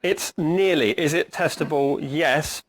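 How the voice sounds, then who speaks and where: Hoarse man giving an agile talk. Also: fairly high pitch, slow. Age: middle-aged. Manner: conversational, asks the audience questions, says "right?" often. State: hoarse, clearing his throat. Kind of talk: conference talk to a live audience. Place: meeting room with an audience.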